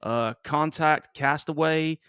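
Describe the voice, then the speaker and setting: A man's voice: a little high, slow pace, a bit bright, clear, resonant tone, dry recording, studio quality. Laid-back chuckling man from England. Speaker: co-host. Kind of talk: casual live movie commentary.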